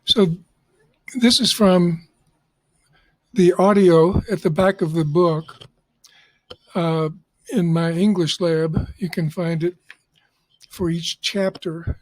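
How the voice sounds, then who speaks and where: A man teaching an English class in a slow, explanatory way, pausing with fillers. His voice is dry and close, with no room sound. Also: high-pitched, steady tone, dry recording. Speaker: ESL teacher. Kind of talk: classroom lecture.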